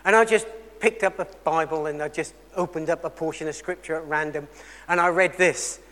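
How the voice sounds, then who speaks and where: A man preaching a sermon, telling a story earnestly and moving between loud emphasis and quiet intensity. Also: on the high side, fairly even intonation, brisk, big-room sound.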